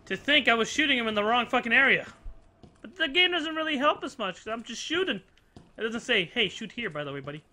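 A man giving excitable, jokey let's play commentary, swearing a lot as he plays. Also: extremely high pitch, fast talker, a little hiss or hum. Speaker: gameplay commentator.

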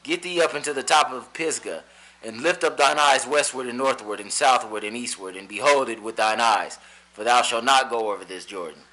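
A man reading scripture aloud in a steady, measured way. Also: medium pitch, low-quality recording. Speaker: scripture reader.

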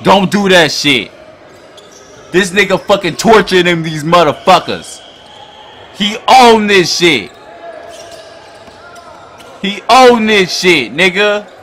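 A man hosting a basketball reaction video, talking in a loud, hyped, profane way and often shouting at the screen. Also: sits high, lively intonation, slow, long pauses, a little hiss or hum. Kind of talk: excited basketball reaction commentary.

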